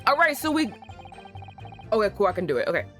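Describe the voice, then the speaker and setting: A woman's voice: medium pitch, very animated, fast, fairly bright tone, faint music behind. A young woman streaming a game, chatting casually, swearing freely and laughing often. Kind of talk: casual game let's-play chat.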